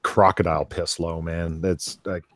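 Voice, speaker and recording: A man's voice: low voice, level tone, a little slow, no echo, clean studio sound. A man hosting a casual chat, laughing often and restarting his sentences. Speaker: host.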